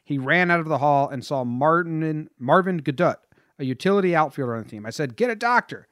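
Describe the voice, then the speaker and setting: Male podcast co-host, slightly high voice, dry close mic, story-reading delivery. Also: fairly quick, fairly bright tone, no room sound. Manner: reads a prepared story, then chats and laughs with his co-host.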